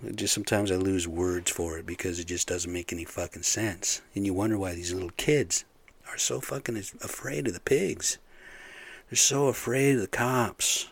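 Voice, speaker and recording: A man's voice: low-pitched, moderate pace, vocal fry, husky. A middle-aged man ranting casually, angry and profane, rambling with lots of fillers. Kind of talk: casual rant.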